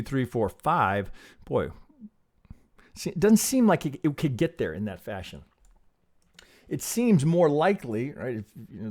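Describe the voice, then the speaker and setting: Animated man rambling through chart analysis. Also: on the low side. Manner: animated, rambling, self-interrupting, casual swearing. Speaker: trading analyst.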